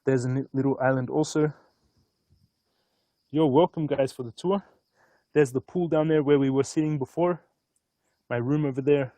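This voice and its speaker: A man chatting casually on a live stream from an outdoor hilltop, easygoing and often excited. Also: mid-range voice, moderate pace, long pauses, dry recording. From Australia. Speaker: stock market vlogger.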